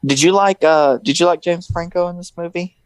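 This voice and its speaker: A man's voice: on the high side, a little fast, clean tone, dry recording. A young man hosting a casual podcast chat, laughing often and mimicking people in his stories. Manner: laughing, animated, mimics voices in quotes. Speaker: podcast host.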